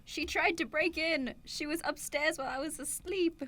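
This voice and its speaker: Woman doing a shrieking old Southern lady. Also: normal speed. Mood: accusing. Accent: American Southern (put on). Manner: shrill yelling. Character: frightened, angry old woman with a knife.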